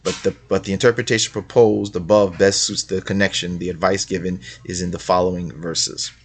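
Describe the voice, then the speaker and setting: A man with a fairly low voice gives casual commentary on religious texts. He keeps repeating his main point and throws in questions like "right?". He reads passages aloud between his remarks. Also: level tone, a little fast, slight background noise. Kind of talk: casual screen-share commentary.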